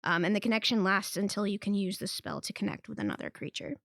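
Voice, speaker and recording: Female player; gravelly, deadpan delivery. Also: medium pitch, quick pace, dry recording, clean studio sound. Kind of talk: casual tabletop play.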